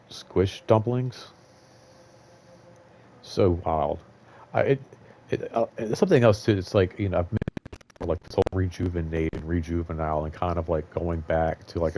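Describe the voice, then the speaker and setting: A man's voice: sits low, a little mellow, slight background noise, poor audio. A man in his thirties hosting his own show, telling work stories in a rambling, profane monologue full of fillers. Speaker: show host.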